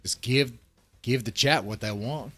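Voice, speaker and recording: A man's voice: mid-range voice, a little slow, fairly bright tone, no echo, faint music behind. Man in an exaggerated Southern drawl. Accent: exaggerated put-on Southern US drawl. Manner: loose, joking, drinking on stream, drawling. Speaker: streamer. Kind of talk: casual live-stream chat.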